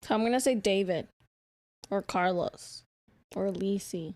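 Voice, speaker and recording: A woman co-hosting a podcast, chatting casually and teasing friends with quick guesses. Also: mid-range voice, a little mellow. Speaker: podcast co-host. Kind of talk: casual chat.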